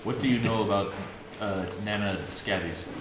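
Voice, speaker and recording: A player joking in character during a tabletop game with deadpan asides. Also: low voice, normal speed, roomy sound, heavy background noise. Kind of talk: casual tabletop game chat.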